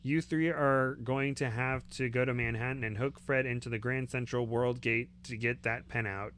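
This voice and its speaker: A man's voice: medium pitch, steady tone, normal speed, fairly bright tone, a little hiss or hum, lightly acted. A man voicing Carl, a grown male wizard with a Brooklyn accent who talks dry and offhand. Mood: explaining. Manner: dry, offhand and matter-of-fact.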